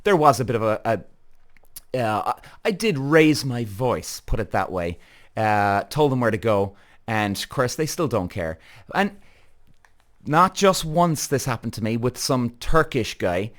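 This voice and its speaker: Irish male podcast host, mid-pitch voice, heated storytelling rant, swears a lot. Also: very animated, measured pace. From Ireland. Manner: heated, swears freely, addresses viewers directly.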